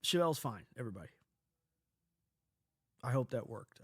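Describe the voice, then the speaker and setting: A man's voice: mid-range voice, fairly quick, gravelly, long pauses, breathy edge, no room sound, clean studio sound. A man with a stuffy nose telling a personal story in a casual, rambling way, swearing often and restarting his sentences. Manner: profane, rambling, animated, with many restarts. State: stuffy from a cold.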